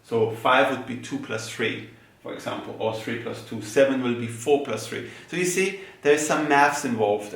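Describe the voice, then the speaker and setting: A man giving a rhythm lesson, patiently explaining step by step and chanting rhythm syllables in time. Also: medium pitch. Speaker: rhythm teacher. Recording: very echoey room, mic far off.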